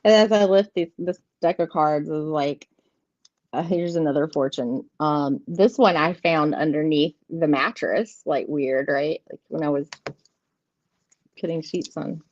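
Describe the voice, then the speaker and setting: A woman's voice: deep voice, measured pace, darkish tone, dry recording. A woman, hosting a casual live tarot stream, chatty and giggly, rambling and greeting viewers by name. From southeastern United States. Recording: dull lo-fi stream audio, dry.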